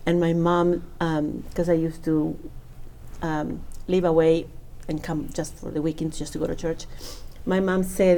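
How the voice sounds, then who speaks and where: Woman, low mellow voice, heartfelt testimony that acts out the dialogue. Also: unhurried. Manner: emotional, animated, acts out dialogue. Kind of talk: personal conversion story.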